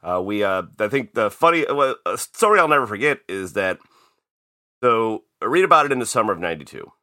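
A man from Chicago, co-hosting a casual podcast and telling stories in a lively, profane way. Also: lowish voice, a little fast, no echo, studio quality. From Chicago, USA. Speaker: podcast co-host.

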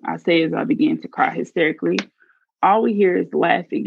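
A woman's voice: sits low, fairly even intonation, fairly quick, gravelly, slightly rough, no echo, narrow, tinny audio. A woman earnestly narrating her own life story in a first-person reading. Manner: earnest, confessional.

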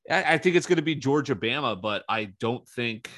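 A man's voice: mid-range voice, expressive, normal speed, a bit bright, no echo, clean studio sound. A man hosting his own sports talk show, rambling and opinionated with sarcastic asides, speaking casually on his own. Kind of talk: casual solo sports commentary.

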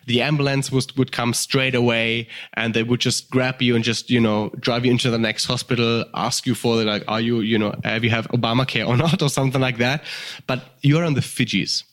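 A German man tells a story in relaxed, everyday talk, at an ordinary middle pitch for a man. He speaks English with a German accent, leans on lots of fillers, and swears as he goes. When he quotes people, he jumps into sudden high voices. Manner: swears freely, many fillers. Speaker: guest. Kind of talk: casual storytelling.

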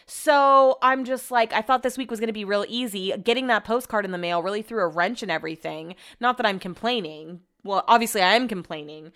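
A woman's voice: medium pitch, fairly bright tone, clear, resonant tone. A young woman venting casually in a vlog, exasperated and ranting, swearing freely. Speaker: vlogger.

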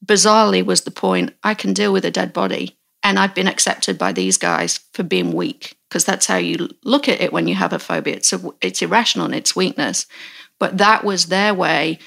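A woman in her forties with a low voice and a gravelly, creaky texture, hosting a podcast. She tells a story candidly, pausing and restarting her sentences as she goes. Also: animated, a bit bright. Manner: candid, halting, self-correcting. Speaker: podcast host. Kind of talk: storytelling in casual chat.

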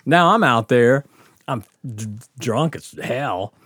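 A man's voice: medium pitch, expressive, slow pace, a bit bright, no echo, studio quality. Rowdy laughing man telling stories. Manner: rowdy, profane, laughs through his stories. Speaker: podcast host. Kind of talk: casual storytelling.

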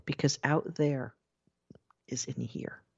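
Low-voiced woman giving a spiritual talk. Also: creaky, breathy edge. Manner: expressive, acts out inner voices, slows on key words. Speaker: spiritual teacher. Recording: dull lo-fi recording.

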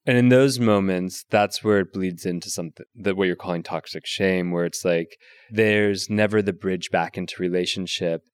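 A man with a fairly low voice hosts a relaxed interview, thinking out loud and ready with a joke. His voice is recorded dry and close, with no room sound. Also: normal speed, clear, resonant tone, no room sound. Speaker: podcast host. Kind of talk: conversational interview.

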